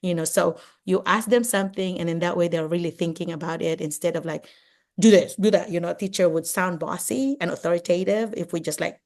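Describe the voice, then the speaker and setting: Animated older woman. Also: on the low side, fast, few pauses. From Philippines. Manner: animated, acts out classroom exchanges, many "you know"s. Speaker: retired teacher and administrator, guest speaker. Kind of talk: casual advice talk on a video call. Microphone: video call.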